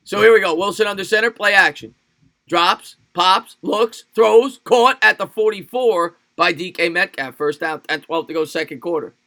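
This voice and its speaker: A man hosting a live stream, calling a football game play by play in short, punchy bursts that build in excitement. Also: high-pitched, moderate pace. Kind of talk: amateur play-by-play commentary.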